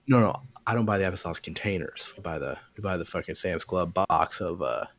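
A man's voice: low-pitched, a little fast, highs cut off. A man chatting casually as a podcast co-host, swearing freely and wandering from one tangent to the next. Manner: profane, animated, digressive. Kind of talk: casual chat.

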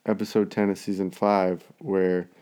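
A man's voice: low voice, level tone, normal speed, dark tone. A man in casual chat, rambling through everyday stories and swearing constantly.

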